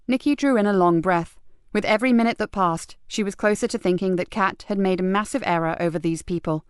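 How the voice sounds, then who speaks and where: A woman narrating a crime novel audiobook in a steady, even read. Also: mid-range voice, fairly quick, clean tone, no echo, studio quality. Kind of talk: scripted narration.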